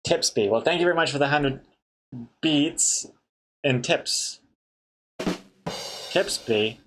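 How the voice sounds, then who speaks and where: Here the streamer, a comic artist, speaks slowly in a slightly high voice over some background noise. He's chatty, reads out viewers' messages and jokes around with the chat.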